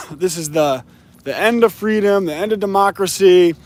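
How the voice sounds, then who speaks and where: Man, high-pitched, opinionated monologue, emphatic, drawn-out stressed words. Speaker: political commentator.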